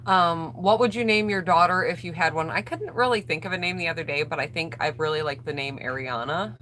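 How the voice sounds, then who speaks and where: Low-pitched, bright-toned American woman chatting. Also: a little fast, slight background noise. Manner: chatty, reads questions aloud then answers and greets viewers. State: recovering from a cold. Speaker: vlogger answering a question tag on a live stream. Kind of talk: casual chat.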